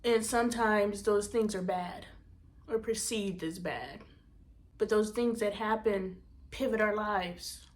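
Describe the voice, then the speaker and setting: A woman's voice: medium pitch, takes it slowly. Candid woman host telling a raw personal story. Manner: candid and profane, emphatic; swings from loud emphasis to hushed near-whispers. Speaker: podcast host.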